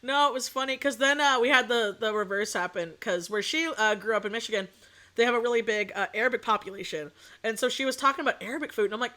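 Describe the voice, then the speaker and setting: A woman's voice: a little high, fast, pushed and bright. A young adult woman streaming as a VTuber, chatting casually and rambling, swearing freely and laughing often. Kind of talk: casual chat.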